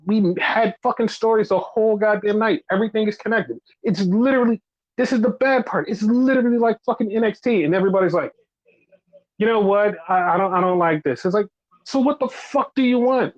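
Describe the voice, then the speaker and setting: A podcast host with a high, fairly quick voice and a darkish tone rants in exasperation about wrestling, swearing a lot and mockingly imitating fans in quoted voices. The show is casual, and the recording is dull, lo-fi, and dry, with no echo.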